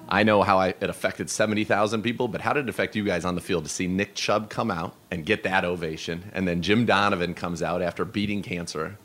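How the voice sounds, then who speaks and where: Deep-voiced enthusiastic radio host man. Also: steady tone, fairly quick, few pauses, fairly bright tone. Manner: enthusiastic, long wordy questions. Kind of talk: sports radio interview.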